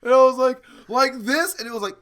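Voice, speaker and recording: A young man co-hosting a podcast, telling profane stories animatedly with loud laughs. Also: very high voice, steady tone, very fast, clear, resonant tone. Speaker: podcast co-host. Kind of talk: casual chat.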